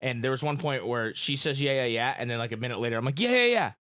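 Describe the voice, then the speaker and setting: A man's voice: mid-range voice, fairly even intonation, fast talker, fairly bright tone, no room sound, clean studio sound. A man hosting a podcast in a casual, chatty and enthusiastic way, hyping up his guests. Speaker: podcast host.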